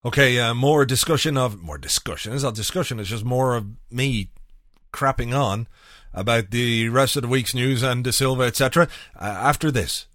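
A man's voice: medium pitch, normal speed, a bit bright, dry recording, studio quality. A man hosting a football podcast, rambling and sarcastic with lots of fillers. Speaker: podcast host. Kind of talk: casual football chat.

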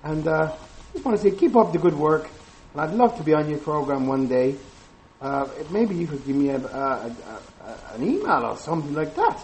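A man's voice: a little high, sing-song, moderate pace, a little mellow, poor audio. Brief: male voicemail caller, bad put-on Irish accent, bouncy delivery, light noise. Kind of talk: recorded voice message.

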